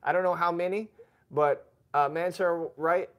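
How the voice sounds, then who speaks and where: A man's voice: fairly high pitch, steady tone, measured pace. A man, hosting a casual family livestream, chatty and reading out viewer messages. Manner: chatty, reads chat aloud, gives shout-outs.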